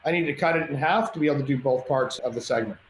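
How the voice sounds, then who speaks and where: A middle-aged man telling a story as a podcast guest, animated and self-mocking, acting out the dialogue. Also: medium pitch, very fast, a little hiss or hum. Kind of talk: storytelling in casual chat. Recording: roomy echo, faint ambience.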